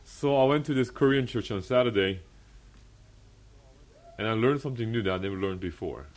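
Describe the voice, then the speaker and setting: A man's voice: lowish voice, animated, brisk. A young adult male pastor preaching a personal testimony sermon at a fellowship meeting, earnest and emphatic, repeating key phrases and laughing often.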